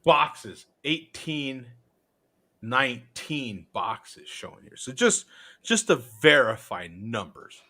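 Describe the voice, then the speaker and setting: A man hosting a relaxed live chat show, his tone bright and forward and his talk slow and unhurried. He jokes, riffs and laughs easily, and his pitch moves all over the place. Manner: jokey, laughs often, riffs. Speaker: host.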